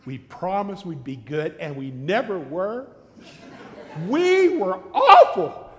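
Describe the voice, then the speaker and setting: American pastor, high voice, lively storyteller, church reverb. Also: male voice, slow. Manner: animated storyteller, acting out shouted quotes. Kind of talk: sermon with storytelling. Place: church sanctuary.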